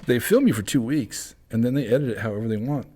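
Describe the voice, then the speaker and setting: A man's voice: mid-range voice, fast talker, crowd noise. A man hosting a podcast, chatting casually and telling profane stories, acting out the people in them. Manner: profane storyteller, acts out quotes. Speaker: podcast host. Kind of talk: casual chat.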